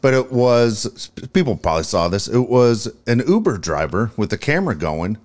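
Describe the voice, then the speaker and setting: A man's voice: medium pitch, very animated, normal speed, a little mellow. Crude, laughing male podcast co-host. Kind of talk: casual chat.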